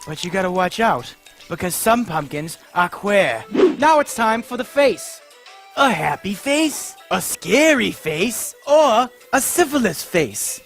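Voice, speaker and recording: A man playing a crude, foul-mouthed pitchman in a comedy sketch parody ad. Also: sing-song, slow pace, soft background music, heavily acted. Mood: brash. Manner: profane, brash, shouts in pain at mishaps.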